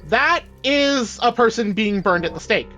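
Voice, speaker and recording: A man with a notably high voice streams a game, chattering, swearing and exclaiming as he plays. He reads the characters' lines aloud in put-on British voices. Soft game music plays faintly underneath. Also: expressive, a little slow, muffled recording. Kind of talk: let's-play commentary, reading game dialogue aloud.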